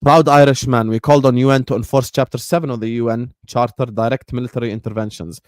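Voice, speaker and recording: A man's voice: medium pitch, fairly even intonation, fast talker, no echo, clean studio sound. A young man hosting a livestream, chatting in a rambling, slangy way and dropping in short Arabic phrases. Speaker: livestream host. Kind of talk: casual livestream chat.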